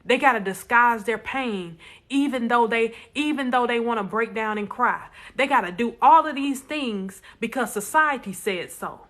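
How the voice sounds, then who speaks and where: A woman's voice: a little high, normal speed, a bit bright. A woman speaking bluntly and emphatically to viewers in a casual live stream, repeating lines for stress. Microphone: phone.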